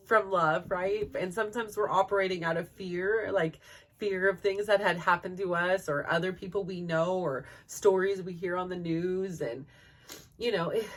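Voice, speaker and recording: A woman in her forties, hosting her own podcast, tells a heartfelt personal story at a medium pitch. She rambles with plenty of "like" and "you know", and now and then laughs through tears. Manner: rambling, full of likes and you-knows. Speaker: podcast host.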